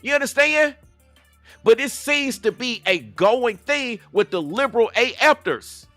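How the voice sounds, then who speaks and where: A man's voice: extremely high pitch, animated, measured pace, a bit bright, no echo, faint music behind. A man giving heated, casual commentary on video clips, talking straight to his audience in a confrontational, preachy way and hammering his points with rhetorical questions. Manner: loose slangy talk aimed at the audience.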